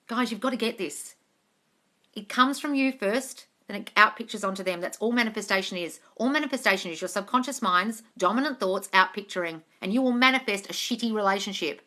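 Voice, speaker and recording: A woman hosting a livestream question-and-answer, blunt and emphatic, and she swears freely. Her voice is bright and forceful and sits fairly high. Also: expressive, a little fast. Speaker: manifestation coach hosting a live Q&A.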